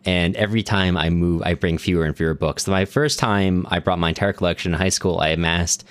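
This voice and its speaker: A man with a very low, deep voice co-hosts a casual book podcast. His sound is dry and close, with no room echo. He tells dry jokes and laughs often. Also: steady tone, brisk. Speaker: podcast co-host. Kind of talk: casual book-club chat.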